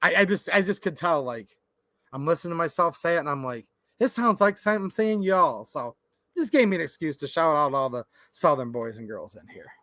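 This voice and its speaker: A man's voice: fairly high pitch, expressive, a little fast, bright, forceful tone, dry recording. A man from Michigan hosting a casual livestream from his workshop, chatty and opinionated, talking straight to his chat. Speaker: gun channel livestream host.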